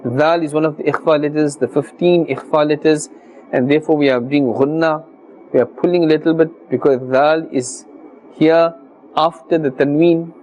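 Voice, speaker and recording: A man teaching Quran reading pronunciation, patiently explaining rules and slowly repeating words as models for his students. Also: fairly high pitch, steady tone, darkish tone, highs cut off. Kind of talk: religious recitation lesson.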